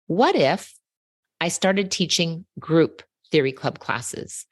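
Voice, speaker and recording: A woman's voice: low-pitched, no echo. A woman hosting a podcast in a scripted monologue, telling a story with emphasis and rhetorical questions into a close mic. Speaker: podcast host.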